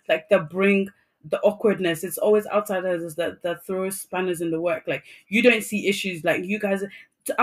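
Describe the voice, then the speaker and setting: A woman co-hosting a relaxed podcast, recapping a drama she loved. She talks effusively and animatedly, piling up fillers as she tells the story. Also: medium pitch. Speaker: podcast co-host. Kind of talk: casual chat reviewing a drama.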